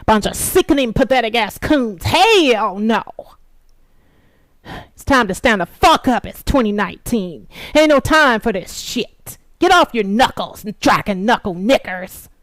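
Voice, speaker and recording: A woman delivering an angry, profane vlog monologue, swinging from low mutters to shouted taunts. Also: animated, unhurried, no room sound. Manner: sarcastic taunting, emphatic repetition. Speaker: political commentary vlogger.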